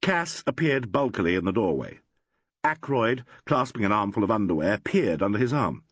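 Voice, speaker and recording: A man narrating a classic crime novel as an audiobook, reading in a measured, expressive way. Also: on the low side, dry recording.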